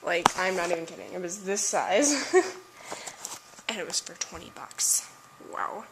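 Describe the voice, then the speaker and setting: A woman's voice: fairly low pitch, very animated, measured pace, vocal fry, noisy background. A young woman vlogging at home, chatting to camera, ranting and laughing about an embarrassing day. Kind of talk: casual chat to camera. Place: at home indoors.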